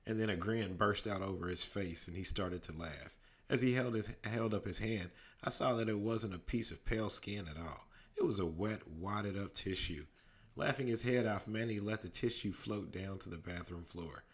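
Low-voiced dad reading a bedtime story. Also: male voice, moderate pace. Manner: steady narration with lively character voices. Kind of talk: storybook read-aloud.

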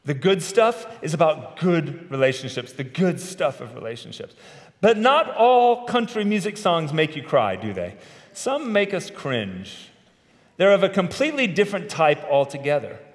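A man's voice: fairly high pitch, sing-song, moderate pace. A middle-aged man, a pastor, preaching a sermon in a conversational way with self-deprecating humor, in a large church sanctuary. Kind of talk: sermon with personal stories. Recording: long reverb of a church hall.

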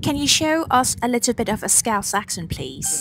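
A woman's voice: a little high, big pitch swings, quick pace, creaky. A woman from Thailand with a Thai accent, interviewing people on the street in a playful, giggly way. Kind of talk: vlog host asking passers-by. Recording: background music under street audio.

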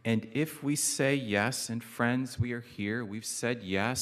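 A man's voice: slow, hardly any pauses. Man preaching in a reverberant church. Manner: conversational preaching with self-deprecating humor; drops soft and low on key phrases. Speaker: guest pastor. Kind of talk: sermon. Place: church sanctuary.

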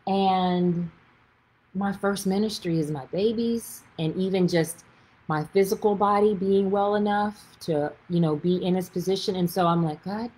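Brief: Texan woman author, husky tone, chatty and gushing, casual livestream talk. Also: medium pitch, unhurried, rough recording. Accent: Texas. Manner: chatty and effusive, gushing with excitement. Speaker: author and faith speaker.

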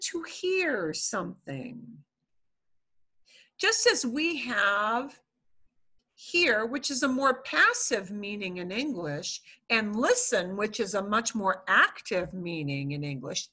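Female language teacher, bright higher voice, slow and animated, patient explainer. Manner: patient, explains slowly, repeats words. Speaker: Spanish teacher. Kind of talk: online language class.

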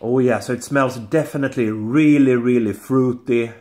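A man, talking straight to his viewers as he tastes and reviews a beer. His delivery is chatty and easygoing, full of small hedges and repeated phrases, at an ordinary middle pitch for a man. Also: normal speed, a little mellow. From Sweden. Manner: chatty, addresses viewers as guys, repeats "I would say". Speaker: beer reviewer, channel host. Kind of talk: casual tasting review vlog.

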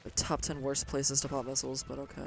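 A young man streaming a video game, chatting casually, cursing often and swinging from loud outbursts to quiet mumbling. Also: medium pitch, completely flat delivery, fast, vocal fry. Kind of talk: casual gaming livestream chatter.

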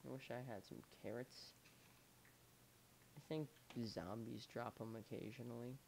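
Young man, let's play commentary, slow drawl, playful, coaxing, repetitive. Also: mid-range voice, steady tone, vocal fry, a little mellow, a little hiss or hum. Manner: playful, coaxing and repeating himself as if talking to a pet. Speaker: gamer.

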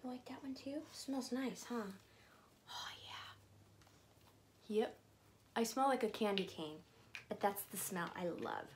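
A woman unwraps gifts on a casual vlog, her fairly high voice carrying a slight hiss or hum. She lingers over her words slowly, chatting to the camera with gushing emotion that occasionally turns tearful.

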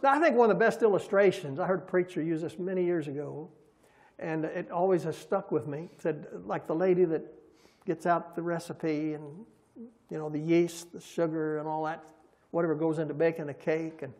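A man preaching a folksy sermon, swelling loud and slow on scripture and dropping soft for homey asides, and leading the congregation in repeating lines. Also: sits high. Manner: folksy, chuckles at his own stories; leads the congregation in call-and-response. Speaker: pastor.

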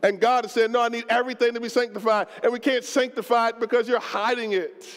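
A man preaching a sermon as pastor, impassioned and colloquial, swinging between shouted lines and low, slow ones, and acting out prayers in the first person. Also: fairly even intonation. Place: church sanctuary. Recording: long reverb of a church hall.

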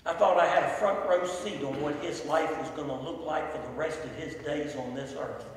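A man preaching a sermon and telling a story, swelling loud and dropping low. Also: steady tone, normal speed. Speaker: pastor. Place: large church sanctuary. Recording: echoey hall from far off, faint ambience.

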